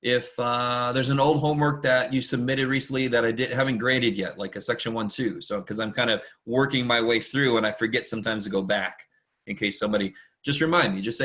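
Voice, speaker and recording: A man teaching a math class online in a casual, chatty, rambling way, often talking fast and poking fun at himself. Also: medium pitch, steady tone, fairly bright tone. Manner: chatty, rambling and self-deprecating; talks fast much of the time. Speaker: math instructor. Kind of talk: casual online lecture to students.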